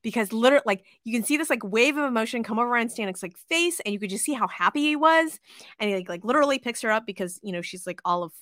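A woman co-hosting a casual sports podcast, excitable and gushing, swearing freely. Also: on the high side, quick pace, no room sound, clean studio sound. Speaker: podcast co-host.

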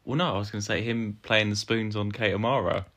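Hear a podcast host with a fairly low voice, calmly reading listener questions off a list. He keeps things moving and chuckles along at his co-host's jokes. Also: fairly quick. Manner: steady, reads out questions, laughs along. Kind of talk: casual podcast chat.

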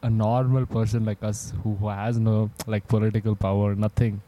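A man's voice: fairly low pitch, level tone, normal speed, warm tone. A young man co-hosting a casual podcast with friends, joking and laughing often, on a cheap USB mic. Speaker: podcast co-host. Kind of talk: casual chat among friends.

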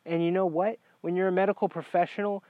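A man's voice: sits high, flat delivery, fast talker, no echo. A man telling a rambling personal story in a casual, profane way that gets heated. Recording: dry, dull lo-fi recording.

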